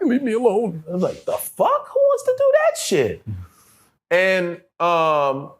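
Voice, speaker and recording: A middle-aged man talks through a casual interview, loose and profane, and keeps breaking into the voices of the people in his stories. His voice sits high for a man and leaps up and down with a lot of life. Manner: animated, profane, acts out voices in quotes, laughs often. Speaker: actor, interview guest.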